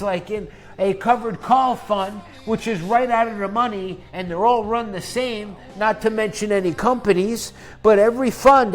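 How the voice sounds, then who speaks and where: A man with a slightly high voice delivers an angry, profane investing rant on his own channel, swinging between calm explanation and shouting. His voice is worn and hoarse from talking, and faint music plays underneath. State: losing his voice. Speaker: investing YouTuber. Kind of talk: angry ranting monologue.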